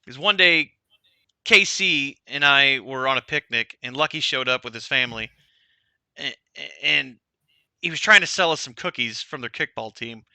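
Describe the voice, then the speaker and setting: A man voicing a rambling old man who tells a long story with halting restarts. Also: medium pitch, pushed and bright, clear, resonant tone, no room sound, pitched below the performer's own voice.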